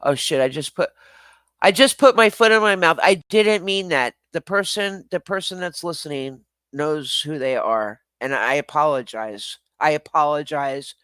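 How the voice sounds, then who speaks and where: A man's voice: a little high, moderate pace, sharp tone, smooth, dry recording. A man hosting a casual livestream, rambling and swearing as he reacts to viewer comments, laughing often and apologizing. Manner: rambling, profane, self-deprecating, laughs often. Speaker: livestream host.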